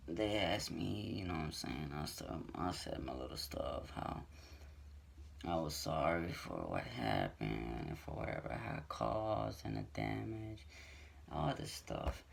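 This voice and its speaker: Gravelly, husky young man telling a story. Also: sing-song, takes it slowly. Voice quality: gravelly low voice with heavy fry. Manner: loose, rambling, full of fillers like "so" and "blah, blah". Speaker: vlogger telling his story. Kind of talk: casual storytelling to camera.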